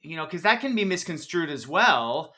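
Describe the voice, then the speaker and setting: A man's voice: fairly high pitch, sing-song, normal speed, pushed and bright. A man co-hosting a podcast in casual conversation, affirming his partner and thinking aloud as he goes. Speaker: podcast co-host.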